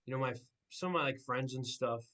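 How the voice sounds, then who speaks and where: A man's voice: medium pitch, a little fast, bright, forceful tone. A man in his twenties, a small business owner, talking in loose rambling sentences and agreeing with the host. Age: 20s. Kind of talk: casual chat.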